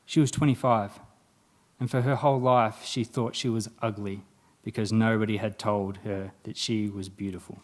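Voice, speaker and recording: A man's voice: on the low side, moderate pace. A young man giving a motivational speech at a graduation ceremony, telling stories and acting out the dialogue in them. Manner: animated storytelling, acting out quoted dialogue. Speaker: guest speaker.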